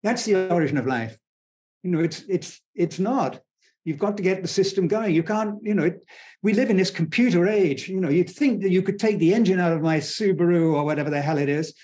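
A man speaking as a guest scientist in an interview, talking fast and enthusiastically, blunt and digressive, with frequent restarts. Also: high voice, a little mellow. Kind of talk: conversational interview explanation.

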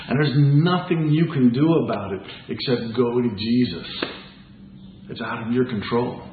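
Earnest pastor preaching in an echoey room. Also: male voice, medium pitch, slight background noise. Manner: earnest, conversational, rhetorical questions. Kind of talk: sermon. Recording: echoey room, tinny phone-like sound.

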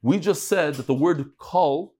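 A man teaches a daily Talmud class to a live room. His voice sits a touch high and lively, and he stays emphatic, punching key words and tossing questions at his students. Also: breathy edge. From Brooklyn, New York. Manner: animated, emphatic, quick asides and questions to the class.

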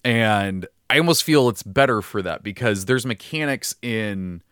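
A man's voice: lowish voice, lively intonation, unhurried, fairly bright tone, smooth, dry recording, studio quality. A young man co-hosting a casual podcast chat about tabletop games, laughing often and restarting sentences. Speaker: podcast co-host.

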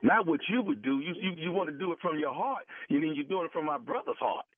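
A man's persistent, pleading voice comes through a narrow, tinny phone line with no room sound around it. He runs a radio prank call and keeps pressing the same point. His voice sits slightly higher than most men's. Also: expressive, quick pace, no room sound. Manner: persistent, pleading, repeats himself.

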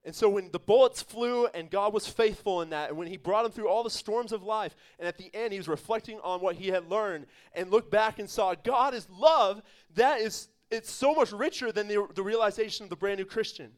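A man's voice: high voice, brisk, few pauses. A man, a pastor, preaching an evening church sermon in an emphatic, conversational way, with laughs and asides to the congregation.

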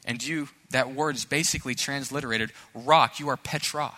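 A man's voice: mid-range voice, steady tone, normal speed, bright, forceful tone. A male pastor preaching a sermon with emphatic, earnest delivery and storytelling asides, recorded in a church sanctuary. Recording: long hall reverb in a church.

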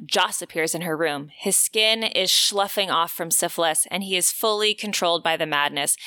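A woman's voice: fairly low pitch, sharp tone, no room sound. A woman co-hosting a podcast, casually recapping a romance novel's plot and reading quoted passages aloud. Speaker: podcast co-host. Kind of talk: casual book-summary podcast.

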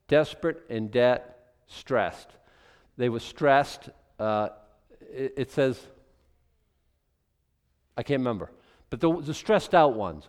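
A man preaching a sermon in an animated, excitable way, often stopping and restarting his sentences. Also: medium pitch, long reverb tail. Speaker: pastor.

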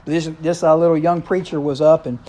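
A man's voice: on the high side, flat delivery, fairly quick, dark tone. A middle-aged man preaching a sermon in a conversational way, often checking in with the congregation.

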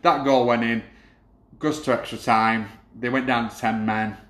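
A man's voice: mid-range voice, fairly even intonation, normal speed, fairly bright tone. A man telling football stories in a casual chat, rambling with many restarts. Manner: rambling storyteller, hesitant restarts. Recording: roomy echo.

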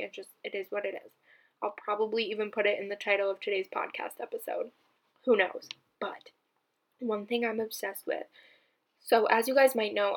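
A young woman talks through her solo podcast in a loose, chatty way, with a gravelly fry at the ends of her phrases. Her pitch sits in an ordinary middle range. She gushes, trips over her words and restarts them often. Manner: chatty, gushing, many fillers and restarts. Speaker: podcast host. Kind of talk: casual solo podcast chat.

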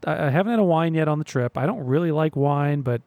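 A man's voice: on the high side, quick pace, dark tone, no echo. A man co-hosting a casual chat, easygoing and teasing, laughing often. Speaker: podcast co-host.

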